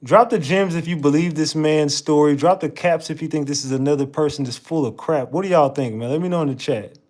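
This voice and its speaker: A man's voice: on the high side, brisk, darkish tone. A man hosting a reaction show in a casual, slangy way, calling on his chat to weigh in.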